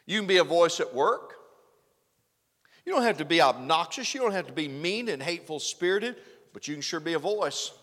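Country preacher guy, high bright voice all over the place, echoey church hall. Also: lively intonation, moderate pace. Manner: swings from loud exclamations to hushed earnest lines. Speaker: pastor. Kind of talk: sermon.

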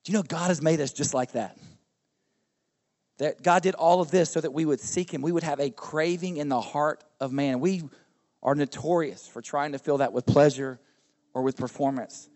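A middle-aged man, a pastor preaching a sermon in a relaxed, conversational way, often asking the congregation questions. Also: on the high side, moderate pace. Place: church service.

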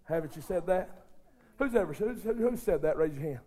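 A man preaching a sermon who talks straight to his congregation and swings between hushed, intimate passages and shouted, fervent ones. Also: on the high side, animated, brisk. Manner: addresses the congregation directly, calls for responses.

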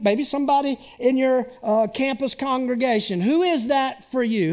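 A man's voice: very high voice, darkish tone. A man in his sixties preaching a sermon as pastor, conversational and full of rhetorical questions to the congregation.

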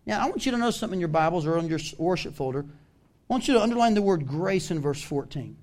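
A man with a Southern US accent preaching a sermon as pastor, animated and emphatic, calling on the congregation to respond. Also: a little high, fast. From American South.

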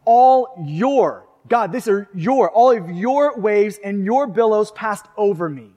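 Male pastor, fervent sermon delivery, high voice, long reverb. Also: animated, slow, mellow, dull audio. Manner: fervent preaching, reads scripture aloud, asks the congregation questions.

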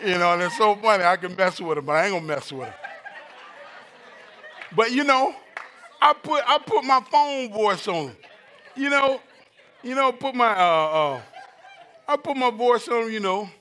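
A man's voice: sits high, normal speed, long pauses, some chatter behind, a little hiss or hum. A man preaching a sermon, telling a personal story with laughter and acted-out quotes. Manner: animated, laughing storyteller who acts out quotes.

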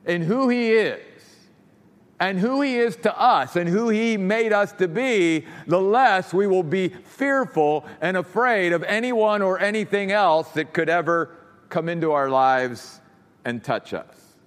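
A man with a high voice preaches from the pulpit, hammering home his points with repeated phrases. His words ring out with a long reverb, as if he is in a large hall. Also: measured pace. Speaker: pastor. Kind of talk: sermon.

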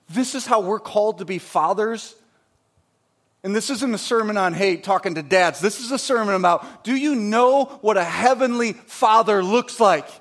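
A man preaching a sermon in a church, emphatic, moving between loud bursts and hushed stretches. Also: high voice, normal speed. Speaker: pastor.

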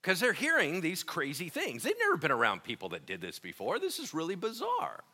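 Guy preaching, fairly high voice, super animated, chatty and slangy, gets quiet then loud. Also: brisk. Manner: swings between quiet and loud emphatic stretches. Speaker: pastor. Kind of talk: sermon.

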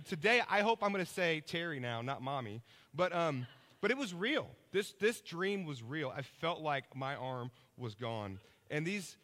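A man preaching a sermon, telling lively stories and checking in with his listeners. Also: fairly high pitch, big-room sound. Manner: energetic storytelling, checks in with listeners.

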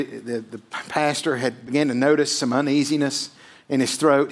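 Man preaching, loud swells and hushed drops. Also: medium pitch. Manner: emphatic preaching, swelling loud then dropping to near a hush, frequent "right?". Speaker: pastor. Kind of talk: sermon.

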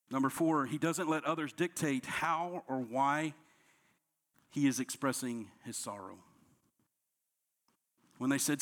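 A man, a pastor, preaching a sermon, dropping to soft, low lines and rising when he acts out quoted complaints. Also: expressive, a little slow, long pauses. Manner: preaching with strong swings between soft, low lines and raised, higher quoted outbursts.

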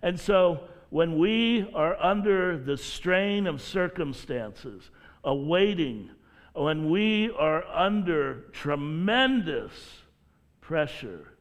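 A man preaching a sermon as a pastor, earnest and deliberate, with drawn-out pauses, speaking to his listeners as brothers and sisters. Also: a little high.

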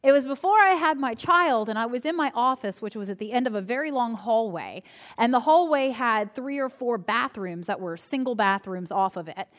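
A woman's voice: fairly high pitch, lively intonation, normal speed, fairly bright tone. A woman pastor preaching a sermon in a conversational style, telling humorous personal stories.

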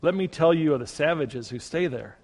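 A man's voice: a little high, animated, fairly quick, a little mellow, pitched above the performer's own voice. A man voicing a proud, fault-finding younger brother who eagerly accuses his sibling. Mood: dismissive. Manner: eager, accusing, self-righteous. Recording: long reverb.

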